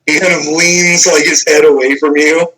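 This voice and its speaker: A man narrating as game master, halting, with many fillers. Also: fairly high pitch, flat delivery, pushed and bright, poor audio.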